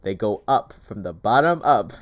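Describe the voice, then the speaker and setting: A man's voice: fairly low pitch, expressive, moderate pace, background noise. A man in casual chat, telling stories with lots of "like" fillers. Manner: chatty storytelling, heavy use of "like". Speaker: gaming YouTuber. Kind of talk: casual chat while eating.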